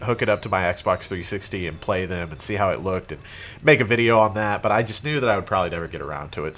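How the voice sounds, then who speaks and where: A congested young man with a cold talks through his recent sales in a loose, rambling way. His voice sits fairly low, and he hops between items with fillers and restarts. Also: a bit bright. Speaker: reseller vlogger. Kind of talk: casual show-and-tell vlog.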